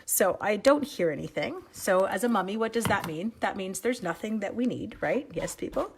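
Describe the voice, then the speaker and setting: A woman's voice: mid-range voice, lively intonation, moderate pace. Middle-aged woman, Canadian accent, live craft demo, rambling chatty talk, slightly ill, faint noise behind. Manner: chatty, rambling, self-interrupting. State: sick, coughing. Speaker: stamping demonstrator.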